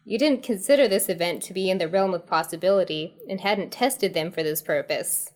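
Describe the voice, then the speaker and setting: A woman's voice: lowish voice, a little fast, a little mellow. A woman hosting and reading a choose-your-path horror comedy tale aloud, who often breaks into giggles as she reads. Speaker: storyteller host.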